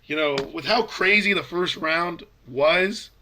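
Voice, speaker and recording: A man's voice: a little high, a little slow, sharp tone, slight background noise. Congested young man talking basketball. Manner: rambling, restarts, opinionated predictions. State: congested from a cold. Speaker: basketball fan vlogger. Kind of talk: casual sports commentary vlog.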